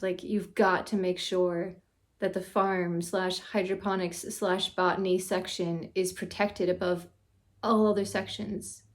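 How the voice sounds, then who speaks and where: Gushing woman reviewing a show. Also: medium pitch. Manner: gushing, effusive, excitable. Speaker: reaction video host. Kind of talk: casual reaction and review.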